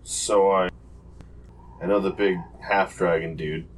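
A man playing in a tabletop game, calmly explaining his moves and the rules. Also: sits low, slow, a little hiss or hum. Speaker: player. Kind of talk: casual tabletop game chat.

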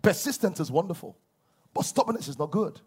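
A man preaching a sermon as a pastor, swinging between loud emphasis and quiet asides. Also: a little high, lively intonation, a little fast, breathy edge.

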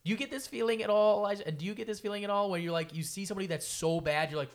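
A young man in casual podcast chat, animated and swearing, acting out quotes in a raised voice. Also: high voice, quick pace, few pauses. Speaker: podcast co-host, improv performer.

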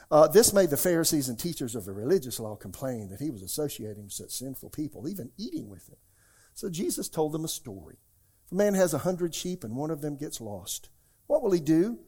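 Animated preacher man with higher pitch. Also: husky. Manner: animated, swinging from loud exclamations to hushed, near-whispered asides. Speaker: pastor. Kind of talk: sermon. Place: church sanctuary with a live congregation.

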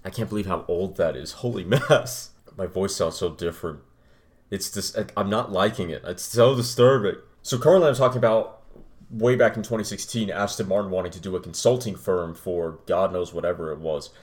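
A young man talks through his own podcast in a loose, rambling way. His voice sits a little low, and he chats casually and off the cuff. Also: fairly quick. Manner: rambling, chatty, reacts to his old recording. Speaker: podcast host. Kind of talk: casual solo podcast talk.

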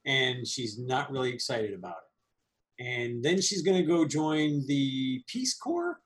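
A man co-hosting a casual movie review chat, animated and laughing, with quick asides. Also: medium pitch. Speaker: podcast co-host.

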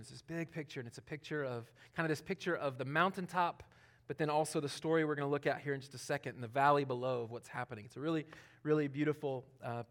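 A man preaching a sermon in a conversational, animated way, acting out what people say. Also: fairly high pitch. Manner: conversational, animated, acts out quotes, laughs often. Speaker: pastor.

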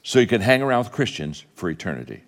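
A man preaching a sermon, telling stories with quoted dialogue, rising to fervent exhortation and closing in soft prayer. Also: very animated, fast talker. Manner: impassioned, climbing high and loud when exhorting. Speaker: guest preacher.

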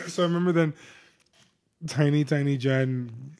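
A man chatting on a podcast with a slightly higher voice than most men. He tells stories loosely and profanely, with quick jokes and asides. He sounds relaxed and conversational. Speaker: podcast co-host. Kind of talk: casual chat.

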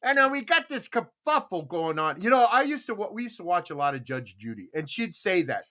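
A man's voice: high-pitched, very animated, brisk, pushed and bright. A man hosting a casual podcast, telling jokey stories and laughing at his own bits. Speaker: podcast host. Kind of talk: casual chat.

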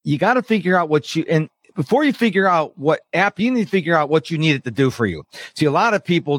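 Middle-aged male guest, brisk and animated, fairly high voice, dry close mic. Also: dry recording. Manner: animated, quotes people in lively voices. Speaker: productivity coach, podcast guest. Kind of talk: casual interview talk.

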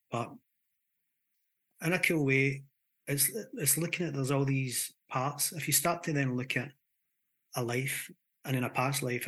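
Scottish male therapist guest, crisp bright voice, animated talker. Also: medium pitch. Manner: animated, explains with acted examples and restarts. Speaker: hypnotherapist guest. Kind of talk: conversational explanation.

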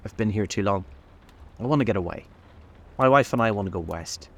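A man reading the part of a weary, sick, middle-aged garage owner in a flat, worn-out way. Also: lowish voice, brisk, husky.

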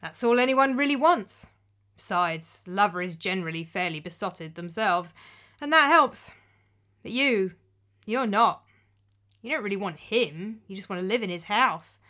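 A woman's voice: mid-range voice, animated, moderate pace, pushed and bright. A woman voicing a shrewd middle-aged witch who speaks in a dry, knowing, matter-of-fact way with a surprisingly normal voice.

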